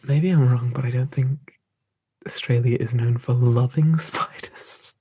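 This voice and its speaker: Brief: a man for a whispered ASMR live stream, soft, relaxed, husky whisper. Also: medium pitch, measured pace. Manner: soft unvoiced whisper, relaxed, answering chat.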